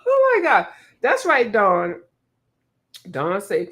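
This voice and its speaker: A woman's voice: on the high side, huge pitch swings, slow, fairly bright tone. A woman hosting a painting livestream, laughing a lot and teasing viewers as she reads the chat.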